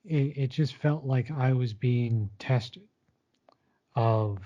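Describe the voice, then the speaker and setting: A man's voice: mid-range voice, slow pace, warm tone. A man telling a personal story in casual talk, frank and blunt, swearing freely. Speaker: storyteller recounting his retail job. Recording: dull lo-fi recording.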